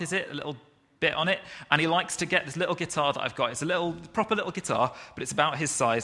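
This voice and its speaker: Bright-voiced preacher in a reverberant hall. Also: male voice, medium pitch. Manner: conversational, self-deprecating storytelling. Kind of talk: sermon. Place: church hall.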